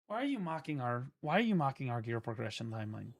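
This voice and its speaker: A man's voice: medium pitch, very animated, fast talker, no room sound. Teasing, foul-mouthed male game streamer. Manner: teasing, profane, mock-insulting. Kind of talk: casual gaming banter.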